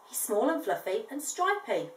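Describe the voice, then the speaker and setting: A woman's voice: fairly high pitch, big pitch swings, moderate pace. A woman reading aloud voices a worried father emu looking for his lost chick, in an earnest, pleading way. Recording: echoey room, distant mic.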